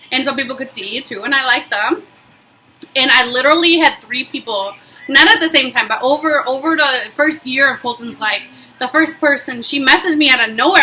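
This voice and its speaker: A woman's voice: sits high, poor audio. A young woman vlogging, telling a personal story in a casual, emphatic way with lots of fillers. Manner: emphatic, animated retelling with frequent fillers.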